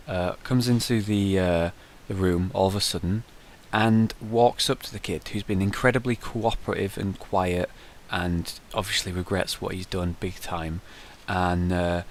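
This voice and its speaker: A man's voice: low-pitched, fairly bright tone, a little hiss or hum. A young man answering viewer questions in a casual vlog, rambling through stories with lots of fillers. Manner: rambling, conversational storytelling with frequent fillers.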